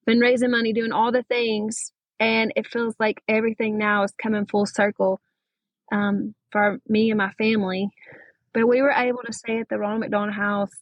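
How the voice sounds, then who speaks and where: A woman's voice: fairly high pitch, no echo, poor audio. Podcast guest, young woman, earnest personal storytelling, dry recording. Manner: earnest, emotional retelling with quoted dialogue.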